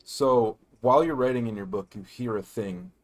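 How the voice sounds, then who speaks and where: A man's voice: mid-range voice, moderate pace. Man running a tabletop game. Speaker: game master.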